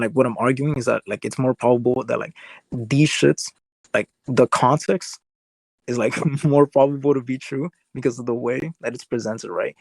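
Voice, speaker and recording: Casual male debater, gravelly and rambling, dry close sound. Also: medium pitch, no room sound. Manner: rambling, heavy use of "like" fillers.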